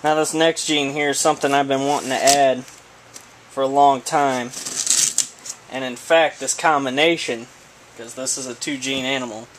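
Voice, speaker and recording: A man's voice: mid-range voice, steady tone, normal speed, a bit bright, slight background noise, low-quality recording. A man chatting casually while unboxing, rambling and stammering with many hesitations as he talks about breeding snakes.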